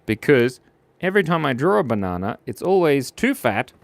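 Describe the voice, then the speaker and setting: A playful Australian man hosts a kids' drawing stream, chatting and joking with viewers as he sketches. His voice swoops up and down constantly. He sits at a medium pitch for a man. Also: very animated, normal speed, vocal fry, no echo. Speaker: art stream host. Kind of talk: live drawing stream for kids.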